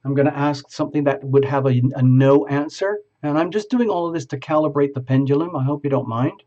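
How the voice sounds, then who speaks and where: A man's voice: fairly high pitch, brisk, warm tone, muffled recording. A man as a tarot reader, improvising a live reading and talking a viewer through each step.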